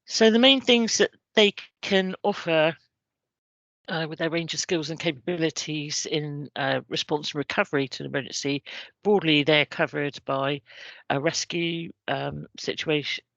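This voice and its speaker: A woman's voice: sits low, a bit bright, no echo. Hesitant woman presenting, West Country accent. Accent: English West Country. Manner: hesitant, many ums and restarts. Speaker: civil contingencies officer presenting. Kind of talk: informal presentation talk. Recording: dry, dull lo-fi recording.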